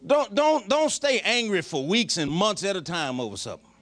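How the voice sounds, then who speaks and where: A pastor preaching a folksy, joking sermon. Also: male voice, high-pitched, very animated, normal speed, fairly bright tone.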